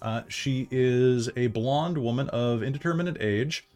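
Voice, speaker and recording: A man hosting a podcast and narrating as game master in a relaxed, chatty way. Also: mid-range voice, unhurried. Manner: relaxed, chatty, stumbles over words.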